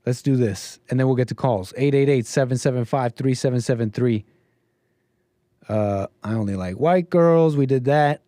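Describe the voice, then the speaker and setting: A man's voice: medium pitch, moderate pace, dark tone, dry recording, studio quality. A man who grew up in Canada, hosting a call-in livestream and talking in a rambling, hesitant way with many fillers and restarts. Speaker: livestream host taking calls. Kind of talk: casual livestream commentary.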